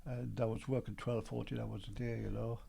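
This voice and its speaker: An older man with a Geordie accent, a guest on an interview show, telling his story in a lively way and acting out old conversations. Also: medium pitch, brisk, creaky, slightly rough. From Newcastle, England.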